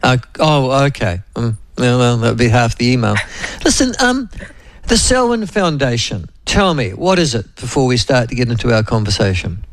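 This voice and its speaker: A man's voice: mid-range voice, expressive, moderate pace, dry recording, poor audio. A man with a New Zealand accent hosting a radio show in a rambling, chatty, digressive way. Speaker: radio host. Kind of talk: casual radio chat.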